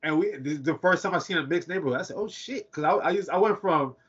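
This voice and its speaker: Podcast co-host, young man from Detroit, sharp forceful voice, loose profane storyteller. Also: on the high side, quick pace, husky, muffled recording. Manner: profane, rambling storytelling with laughs. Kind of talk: casual chat.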